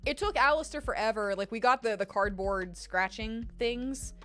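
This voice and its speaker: Young female streamer, lively casual chat, swears a lot, soft music bed. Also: a little high, moderate pace. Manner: animated storytelling, swears freely.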